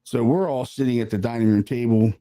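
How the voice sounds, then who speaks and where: Dark-voiced man telling a ghost story. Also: mid-range voice, fairly quick. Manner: animated, conversational, swears casually, many fillers. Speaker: paranormal investigator guest. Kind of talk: casual storytelling.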